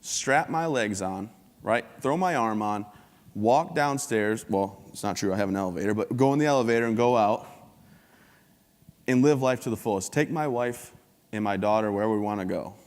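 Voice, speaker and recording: A man's voice: lowish voice, moderate pace. Upbeat joking man in a big hall. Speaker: keynote speaker. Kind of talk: humorous motivational talk. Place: large conference hall. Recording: long hall reverb.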